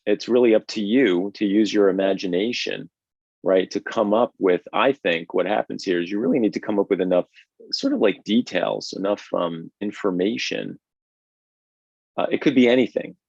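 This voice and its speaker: A man with a lowish voice teaches drawing on a live stream, talking in an energetic, conversational way. He keeps asking "right?" as he builds his ideas out loud. The sound is dull and lo-fi, with a dry, close feel and no room echo. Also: normal speed, creaky, slightly rough. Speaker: drawing instructor and host. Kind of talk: live online drawing lesson.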